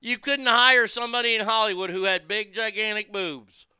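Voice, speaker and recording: High, bright-voiced ranting man. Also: normal speed, smooth, no echo. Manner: profane, swings from muttering to loud ranting. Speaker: podcast host. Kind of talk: casual ranting monologue.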